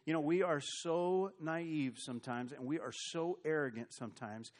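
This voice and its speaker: A man's voice: a little high, normal speed. An American man preaching a sermon, telling Bible stories in a folksy, conversational way. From United States. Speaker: pastor.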